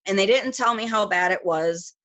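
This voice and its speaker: A middle-aged woman, a guest speaker, telling a personal story on a group call in a rapid, emotional way with lots of fillers. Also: medium pitch, a bit bright.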